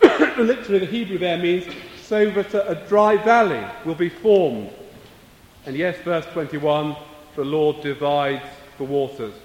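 A man preaching a sermon, slow and measured, coughing now and then. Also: fairly high pitch. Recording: echoey hall, voice from a distance.

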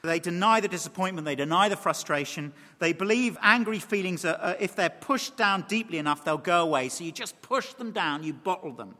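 A man preaching an animated sermon, speaking directly to the congregation. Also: high-pitched, fairly quick, hardly any pauses. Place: large church. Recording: long hall reverb.

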